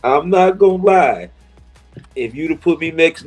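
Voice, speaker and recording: A man hosting a casual podcast, chiming in with short exclamations. His voice sits a bit high and he talks slowly. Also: animated, a little mellow, faint music behind. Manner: reactive interjections, laughing along. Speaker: podcast host. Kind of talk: casual chat.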